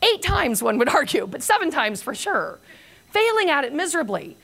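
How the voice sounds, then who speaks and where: An older woman giving a motivational conference talk, telling a long anecdote with self-mocking humor and lively storytelling. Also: high-pitched, moderate pace, vocal fry. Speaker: keynote speaker.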